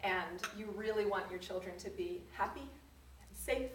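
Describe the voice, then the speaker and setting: A middle-aged woman hosts a parenting workshop, speaking earnestly to a group in a room with an audience. Her mid-range voice is steady and moderately paced, telling personal stories with laughs, heard from a distance in an echoey room against a noisy background.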